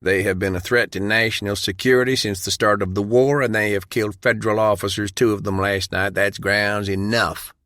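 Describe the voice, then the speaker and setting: A man voicing a smooth, commanding male federal official who speaks in a cold, formal way. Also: on the low side, steady tone, a little fast, hardly any pauses, sharp tone, no echo, studio quality.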